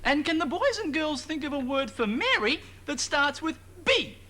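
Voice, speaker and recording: An actor playing a smug, mock-cheerful children's TV co-presenter who slips in sly digs. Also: male voice, very high-pitched, big pitch swings, moderate pace, noisy background. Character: snide man kids' TV co-presenter.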